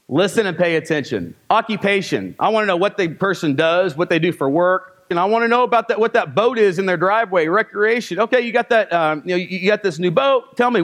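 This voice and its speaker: Punchy man coaching a seminar crowd. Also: high-pitched. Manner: coaching with rhetorical questions, punchy commands. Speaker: sales trainer. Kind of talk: live seminar teaching.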